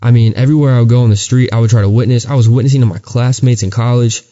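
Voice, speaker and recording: A man's voice: mid-range voice, fairly even intonation, racing, warm tone, highs cut off. A man co-hosting a podcast, telling a story of his faith in an earnest, casual way, often stumbling and restarting. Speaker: podcast co-host. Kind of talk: casual chat and testimony.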